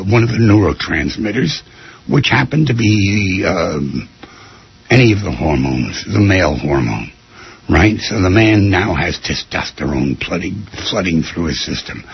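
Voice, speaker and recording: A man giving a casual talk, telling stories in an animated way and acting out the voices in them. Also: low-pitched, moderate pace, creaky, slightly rough, lo-fi sound. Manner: animated storytelling, acting out quotes. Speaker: speaker giving a talk on anger.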